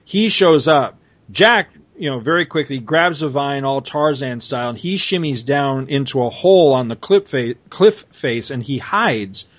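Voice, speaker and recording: A man's voice: mid-range voice, expressive, moderate pace, a bit bright. A man in casual chat, animatedly retelling a comic story and laughing often.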